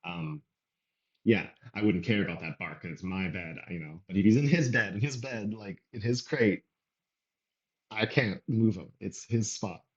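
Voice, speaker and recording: A man's voice: lowish voice, moderate pace, lo-fi sound. A man doing casual reaction commentary, rambling and talking over the clip he is playing. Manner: rambling, conversational, talks over clips.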